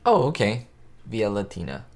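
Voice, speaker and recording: A man's voice: on the low side, huge pitch swings, moderate pace, darkish tone. A man hosting a casual live chat on a facecam, answering viewers' comments in a rambling, chatty way with lots of fillers. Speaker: host of a live chat stream about a classic sitcom.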